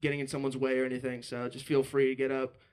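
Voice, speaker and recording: A man's voice: medium pitch, monotone, fast, a little mellow, smooth. A man hosting a live bar show, making loose joking announcements and saying he is drinking beer. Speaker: show host. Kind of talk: casual stage announcement.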